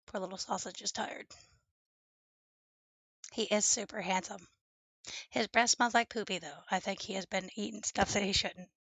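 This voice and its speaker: A young woman chatting casually at home while studying, cooing baby talk to her dog in a creaky voice. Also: mid-range voice, steady tone, normal speed, pauses often, a bit bright, dry recording. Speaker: streamer. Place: home room with a desk and green screen.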